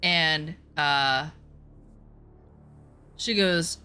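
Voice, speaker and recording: A woman's voice: low voice, drawn-out words, bright, forceful tone, smooth, soft background music. A woman vlogger casually telling a personal story in a blunt, candid way, swearing freely and rambling with fillers and restarts.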